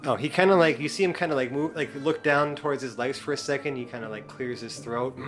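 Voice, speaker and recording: A man running a tabletop game, narrating loosely with many fillers. His voice sits at a middle pitch. Faint music plays behind him. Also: quick pace, a bit bright. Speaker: game master.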